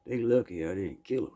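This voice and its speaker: A man, telling a true story in a plainspoken, folksy way, often clearing his throat. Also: deep voice, dark tone.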